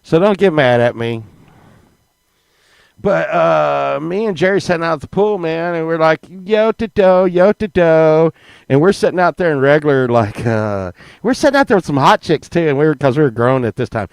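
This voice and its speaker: A man's voice: on the high side, lively intonation, brisk, creaky, clear, resonant tone, no room sound. A man, telling stories in a rambling, casual way to a live chat, restarting words and swearing freely.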